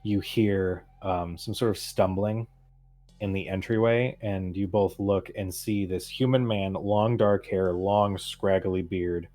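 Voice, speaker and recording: Male game master, lowish voice, relaxed halting narration. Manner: relaxed, hesitant with fillers.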